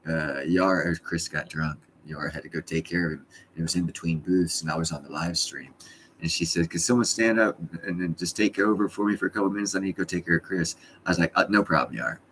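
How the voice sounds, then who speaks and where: A man's voice: sits low, fairly even intonation, fairly quick, a bit bright, slight background noise. A middle-aged man hosting his own live stream from home, chatting casually in a rambling, blunt and profane way.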